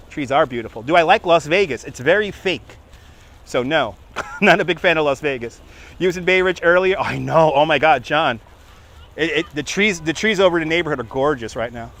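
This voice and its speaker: A man's voice: on the high side, normal speed, fairly bright tone. A chatty man in his forties live-streaming a walking tour outdoors on a handheld phone, often laughing at his own jokes. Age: 40s. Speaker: livestreaming walking tour guide. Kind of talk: casual live-stream chat to viewers. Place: outdoors on city streets and a park. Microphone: phone on a handheld gimbal.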